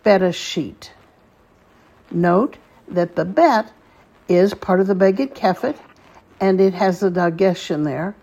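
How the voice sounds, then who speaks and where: A woman teaching a language lesson, patient and deliberate, repeating each word slowly for learners. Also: medium pitch, gravelly, mellow, dull audio. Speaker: Hebrew teacher. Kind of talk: slow spoken lesson.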